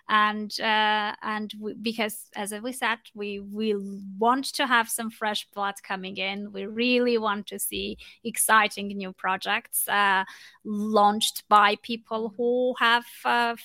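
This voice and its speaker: A woman's voice: medium pitch, no echo. A woman hosting a podcast interview in casual chat. She often repeats words and fills gaps with ums. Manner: repeats words, many ums, warm thanks. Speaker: podcast host.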